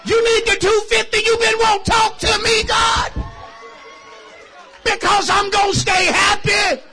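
High, bright-voiced preacher, shouting at times. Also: male voice, a little slow, faint music behind, a faint crowd. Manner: builds from calm teaching to shouted preaching. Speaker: pastor. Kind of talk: sermon. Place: church sanctuary.

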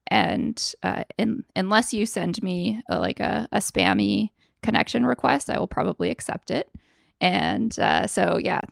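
A woman speaking as a guest in a casual conversation, relaxed and wry, with plenty of fillers. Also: mid-range voice, gravelly, no echo, clean studio sound. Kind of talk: casual chat.

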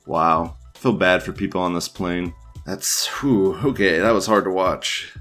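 Low-pitched and a little bright, this man speaks at a measured pace over soft background music. He hosts an online news show, casually reading forum posts aloud and riffing on them in a crude, rambling way, often laughing and restarting his sentences.

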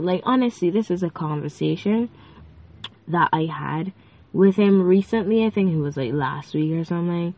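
A chatty woman rambles through a casual faith-based podcast, full of fillers and playful asides. Her voice sits a little low for a woman. The sound is dull and lo-fi, as if recorded on a phone. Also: moderate pace, gravelly, warm tone. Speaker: podcast host.

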